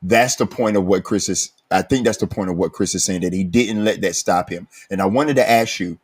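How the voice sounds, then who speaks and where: Male podcast host, low voice, earnest and reflective. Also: breathy edge. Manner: earnest, reflective, speaks slowly at times. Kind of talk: recovery podcast interview.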